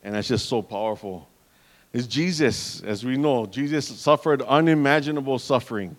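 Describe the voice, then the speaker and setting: A man's voice: medium pitch, moderate pace. Earnest man preaching a sermon. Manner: earnest, with repeated restarts and calls to the congregation.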